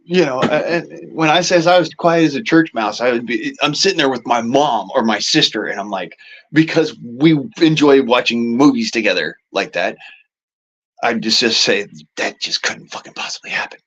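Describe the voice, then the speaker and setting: A man hosting his own show delivers a rambling, profanity-laced rant. His pitch swings widely as he works himself up, and he breaks into amused, exasperated laughter at his own complaints. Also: animated, normal speed, a bit bright, poor audio. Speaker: show host. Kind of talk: casual ranting monologue.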